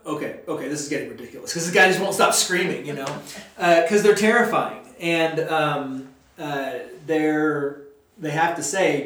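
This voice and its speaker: In a church meeting room, a man leads a casual Bible study, chatting and rambling with plenty of fillers. His voice sits a little high and sounds a bit bright, at a normal pace. The room is echoey and the mic is distant.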